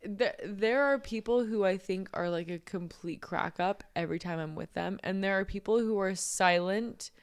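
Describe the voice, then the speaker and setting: A woman's voice: medium pitch, normal speed, hardly any pauses, smooth. A young woman co-hosting a podcast, telling a funny story in casual chat, laughing often and swearing freely. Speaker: podcast co-host.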